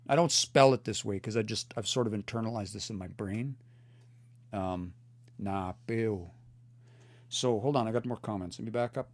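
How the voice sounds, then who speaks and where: A man teaching a language on a livestream, reading out chat comments and explaining pronunciation in a thoughtful, earnest way with frequent restarts. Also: lowish voice. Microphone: phone or computer mic for a livestream.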